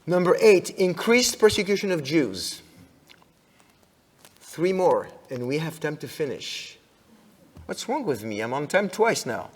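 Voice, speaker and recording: Male conference speaker in a church, animated storyteller, slightly high voice, long hall reverb. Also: measured pace, pauses often. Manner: animated storyteller, frequent restarts, asks audience questions. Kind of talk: sermon-style conference talk. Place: church sanctuary.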